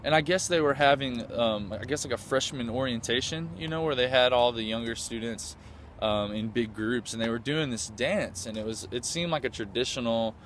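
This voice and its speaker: This American man tells the story of a trip with enthusiasm, wandering casually and full of fillers and restarts. His voice is mid-range and fairly bright, at a normal speed, with slight background noise behind it.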